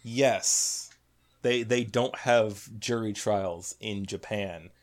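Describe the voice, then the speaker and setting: Male podcast co-host, lowish voice, dry sarcasm, quick to laugh. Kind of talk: casual chat.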